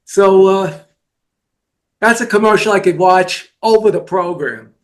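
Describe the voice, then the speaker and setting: A man with a notably high-pitched voice chats casually as co-host. He strings together anecdotes and lists of names. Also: unhurried. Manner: anecdotal, lists names, retells old jokes. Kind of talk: casual chat.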